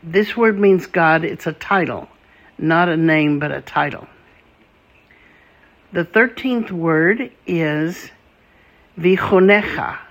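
Language teacher, vocabulary drill, very slow, gravelly, patient call-and-repeat. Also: mid-range voice, a bit bright. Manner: patient, models each word and asks listeners to repeat.

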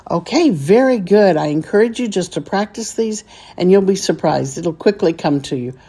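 A woman teaching a vocabulary lesson, deliberately spelling out each word and repeating it for practice. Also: on the low side, animated, mellow, breathy edge. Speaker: Hebrew teacher.

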